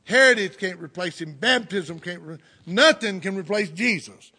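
A man's voice: high-pitched, expressive, normal speed, bright, forceful tone, slightly rough. A middle-aged man with a Southern US accent preaching a sermon, telling folksy stories and breaking in with praise and amens. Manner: folksy storytelling with fervent interjections.

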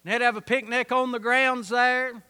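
A man preaching a sermon, telling a story and building to loud, emphatic peaks. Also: very high voice, level tone, moderate pace, clean tone.

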